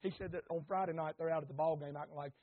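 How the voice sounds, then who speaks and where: A man preaching an impassioned sermon, repeating phrases, asking the congregation questions and rising to shouts. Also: on the high side, fairly even intonation, very fast. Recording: tinny phone-like recording.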